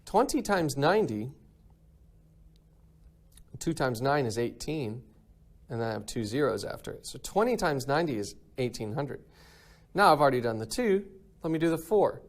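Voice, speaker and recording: A man's voice: mid-range voice, big pitch swings, normal speed, long pauses. A man teaching a recorded math lesson in an upbeat way, often checking in with "right?".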